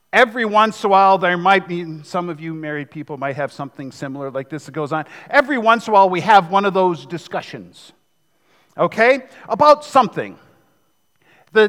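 A man's voice: sits high, fairly bright tone, big-room sound. A man in his fifties preaching a sermon as pastor, in a conversational, joking manner. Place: church sanctuary.

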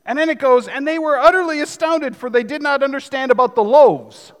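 A man's voice: extremely high pitch, a little fast, fairly bright tone, in a large hall. A man in his fifties preaching a sermon as pastor, in a conversational, joking manner. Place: church sanctuary.

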